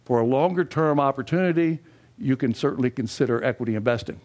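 Older man, folksy classroom instructor, mid-pitched voice, asks the room questions. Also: fast talker, a little mellow. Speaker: financial education instructor. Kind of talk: classroom lecture.

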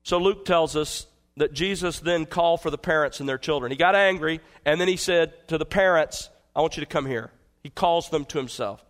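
A male pastor preaching an expository sermon in an earnest, emphatic way, swinging from forceful to hushed. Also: a little high, brisk.

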